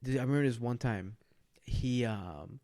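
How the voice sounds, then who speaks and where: A young man talking casually on a podcast at an everyday middle pitch. He rambles through a long story in a loose, conversational way, slipping into quick impressions of the people in it. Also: dark tone. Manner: rambling storyteller who acts out other people's lines. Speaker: podcast co-host.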